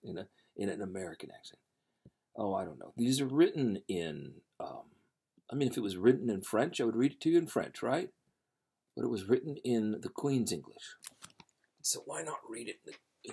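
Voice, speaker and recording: A man hosting a storytelling channel, chatting casually before a reading, rambling and halting with many fillers and restarts. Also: lowish voice, vocal fry, a little mellow, breathy edge.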